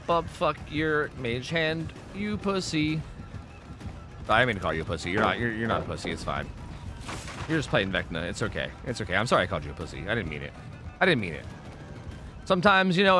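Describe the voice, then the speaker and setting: A man streaming a game live, rambling and swearing casually as he answers viewers' questions. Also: fairly low pitch. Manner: rambling, profane, chatty, answering chat questions.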